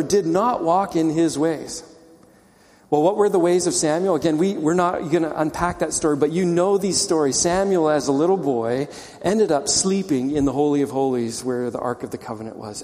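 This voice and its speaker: A male pastor delivers a conversational, explanatory sermon in a church sanctuary. He often asks rhetorical questions and then answers them. His voice is a little high and warm, and a long reverb lingers behind each phrase.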